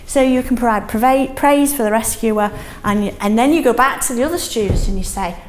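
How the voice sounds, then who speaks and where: A middle-aged woman leading a teaching workshop in a classroom, lively, often checking in with "yes?". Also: fairly high pitch, brisk, echoey room. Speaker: teaching trainer.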